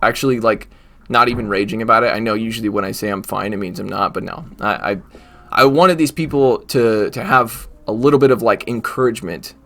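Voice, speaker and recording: A man's voice: fairly low pitch, a little fast, bright, forceful tone, soft background music. Joking man doing gameplay commentary. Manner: joking, mock trash talk at the game. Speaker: gaming YouTuber. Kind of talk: casual live gameplay commentary.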